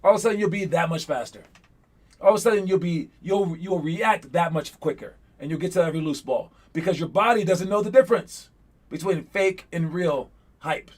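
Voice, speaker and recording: A young man leads a basketball lesson for his players, his voice sitting fairly high for a man. He talks in a loose, animated way and keeps acting out the calls players shout on the court. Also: brisk. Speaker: basketball coach.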